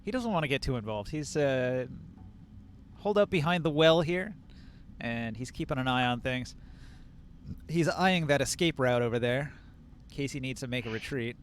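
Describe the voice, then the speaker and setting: A man's voice: mid-range voice, lively intonation, normal speed, long pauses, slight background noise. A man running a tabletop game as game master, narrating scenes with frequent "uh"s. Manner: descriptive, filler-heavy narration.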